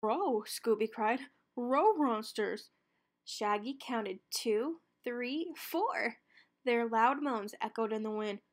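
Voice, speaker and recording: A woman narrating a children's picture book read-aloud with expressive storytelling. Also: fairly high pitch, takes it slowly.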